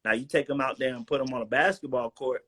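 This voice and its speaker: This former college football player in his twenties talks fast, with a medium pitch and a breathy edge. Guesting on a video call in a casual storytelling interview, he's animated and slangy, acting out quotes as he goes.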